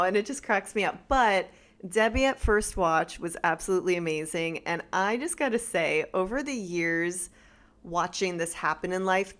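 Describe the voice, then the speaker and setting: A woman in her thirties co-hosting a casual show, lively and teasing as she chats with her husband. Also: on the low side. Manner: lively, teasing, quick to laugh. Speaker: podcast co-host. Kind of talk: casual chat.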